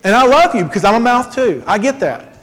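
A man preaching a sermon in a church, conversational and joking with quick asides. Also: very high-pitched, very animated, fairly bright tone. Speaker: pastor. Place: church sanctuary. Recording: long hall reverb.

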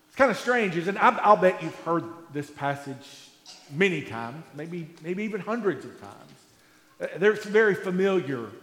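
A man's voice: fairly high pitch, fairly bright tone. A male pastor preaching a sermon in a conversational way, asking rhetorical questions and restarting his phrases. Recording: echoey hall.

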